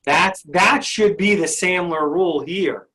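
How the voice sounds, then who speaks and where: A man's voice: sits high, a little slow, bright, forceful tone. A male sales trainer leading an interactive session, upbeat and often asking his audience questions.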